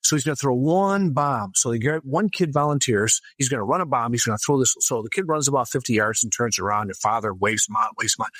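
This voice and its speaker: A man's voice: mid-range voice, fast, few pauses, fairly bright tone, no echo. A man as an interview guest, telling a story casually and with animation, often restarting his sentences. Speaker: guest author.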